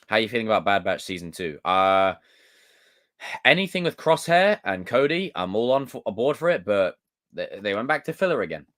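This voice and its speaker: A man hosting a livestream, reading viewer comments aloud in a loose, excitable, joking way with some swearing. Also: fairly low pitch. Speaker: livestream host.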